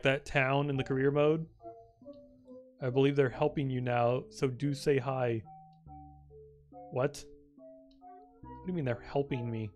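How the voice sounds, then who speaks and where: A young man with a medium-pitched voice streams a game and talks casually about it, getting excited, wandering off topic, cursing often, and saying "like" over and over.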